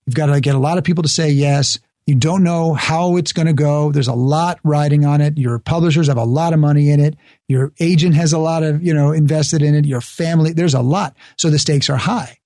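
A man's voice: fairly high pitch, fairly even intonation, fairly quick, warm tone, dry recording, clean studio sound. A man speaking as an interview guest, earnestly explaining his ideas through examples in a conversational way.

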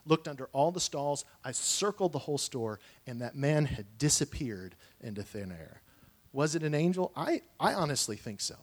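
A man telling personal stories in a sermon, earnest and conversational, with frequent restarts and asides. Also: medium pitch. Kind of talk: sermon storytelling.

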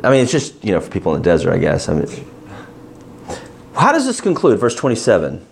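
Male Bible teacher, lowish voice, very animated delivery, quizzes the group, faint noise under the track. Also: a little fast, creaky. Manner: asks the class questions, animated emphasis. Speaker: teacher leading a Bible study.

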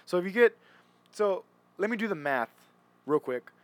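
A man's voice: high-pitched, expressive, moderate pace, dry recording. A young man chatting casually, rambling and restarting often as he retells stories. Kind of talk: casual chat.

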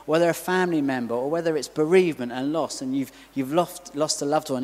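Middle-aged man, slightly high voice, relaxed conversational preacher who keeps throwing out questions, long church reverb. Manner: conversational, full of asides and rhetorical questions. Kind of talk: sermon.

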